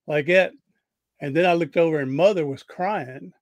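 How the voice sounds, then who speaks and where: A man's voice: fairly high pitch, a little fast, darkish tone, no echo. A man hosting a podcast interview, telling rambling, folksy anecdotes with frequent restarts. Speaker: podcast host. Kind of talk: casual interview storytelling.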